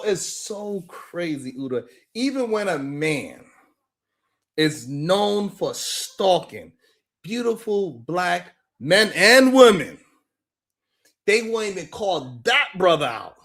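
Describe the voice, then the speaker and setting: A man with a high voice hosts a live stream, talking in an unhurried, drawn-out way. He keeps it animated and laughs a lot, breaking off to greet people in the chat by name. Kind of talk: casual live stream commentary.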